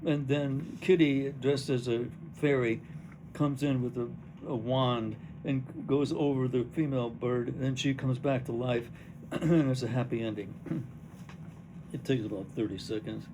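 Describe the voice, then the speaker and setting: A man reading stage directions aloud in a halting way at a play rehearsal. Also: medium pitch, fairly even intonation, noisy background. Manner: halting, restarting, narrating directions. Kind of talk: rehearsal read-through.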